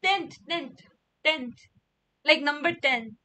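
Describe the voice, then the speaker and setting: A woman's voice: sits high, slow, pushed and bright. A young woman from India chatting casually on a livestream, playful and giggly, repeating words over and over. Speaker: streamer.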